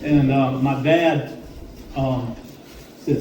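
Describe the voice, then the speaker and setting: A man's voice: medium pitch, steady tone, measured pace, dark tone. A man sharing a family memory, hesitant and chuckling. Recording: distant mic, echoey hall, clear noise.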